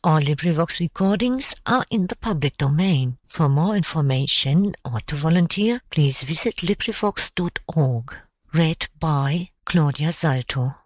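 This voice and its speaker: A woman reads a story aloud at an unhurried, measured pace, her voice on the low side. The sound is close and dry, with no room around it. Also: animated, darkish tone, no room sound. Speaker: audiobook narrator. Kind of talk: scripted narration.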